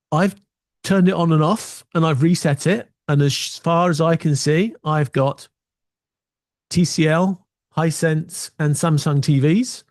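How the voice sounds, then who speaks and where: A man's voice: a little high, darkish tone, no echo. A man giving casual, opinionated tech talk from his small home studio, full of wry asides. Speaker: video tech presenter.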